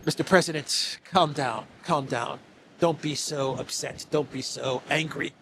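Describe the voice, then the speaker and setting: A man putting on a soothing male aide who calms his boss in a hushed, placating tone. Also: on the high side, measured pace, noisy background.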